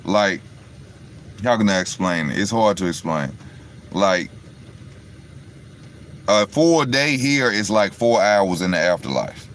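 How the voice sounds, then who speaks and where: A man's voice: on the low side, expressive, takes it slowly, long pauses, a bit bright, slight background noise. A man talking casually to his viewers through his phone and retelling a story in a loose, rambling way, often asking "you know what I'm saying". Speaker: vlogger. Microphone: phone on charge.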